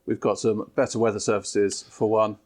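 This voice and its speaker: A man, an app developer, calmly explaining new features in an interview. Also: lowish voice, moderate pace. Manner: steady, explanatory, with fillers.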